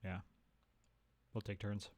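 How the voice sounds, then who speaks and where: A man's voice: slow, darkish tone, dry recording, studio quality. A man playing a tabletop game, talking in a laid-back, matter-of-fact way. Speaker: player. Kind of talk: casual tabletop play.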